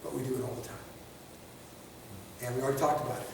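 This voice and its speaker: A man's voice: medium pitch, fairly even intonation, darkish tone, a little hiss or hum. A man teaching a training class, chatting with the group, firing rhetorical questions at them and acting out short scenarios in quoted voices. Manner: acts out quick street scenarios in quoted voices. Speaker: instructor. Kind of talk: classroom lecture. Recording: echoey room, picked up from a distance.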